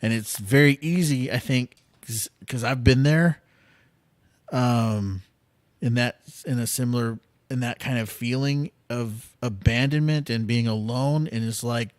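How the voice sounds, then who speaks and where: A man's voice: mid-range voice, no room sound. A man hosting a podcast, giving an earnest devotional talk with casual fillers that builds to impassioned pleading. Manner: slow, earnest, rising to impassioned intensity; conversational with fillers and restarts. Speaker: podcast host.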